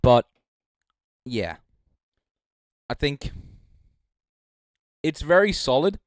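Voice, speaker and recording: Very animated yet very slow, a young man's medium-pitched voice carries his rambling livestream commentary as a judge. He jokes between thoughts, uses plenty of filler, and talks into a handheld mic with no room sound.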